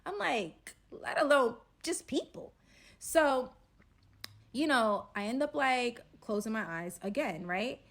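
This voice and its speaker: A woman telling a casual storytime, animated and quoting people in lively bursts. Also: on the high side, slow pace.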